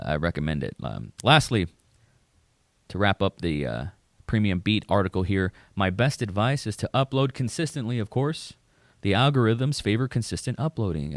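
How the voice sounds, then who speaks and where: A man's voice: low voice, dry recording. A man hosting a podcast, earnestly talking through an article and urging listeners on. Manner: earnest, emphatic, with filler restarts. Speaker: podcast host. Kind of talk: podcast monologue reading an article.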